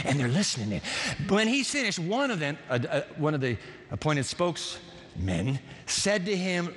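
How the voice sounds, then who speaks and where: A male pastor preaching through a Bible passage, telling it as a lively story with asides to the congregation. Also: a little high, measured pace, a little hiss or hum. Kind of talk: sermon. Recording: long hall reverb.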